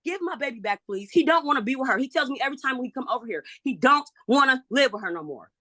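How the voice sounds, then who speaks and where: A woman's voice: high voice, animated, rapid-fire, pushed and bright, no echo. A woman testifying in a custody hearing, agitated and pleading, repeating herself out of frustration. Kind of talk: emotional courtroom testimony.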